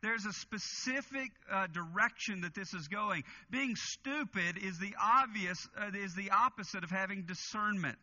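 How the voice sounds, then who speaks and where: Male pastor, high bright tone, earnest sermon delivery, dull lo-fi recording. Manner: earnest, slows and stresses key phrases. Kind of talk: expository sermon.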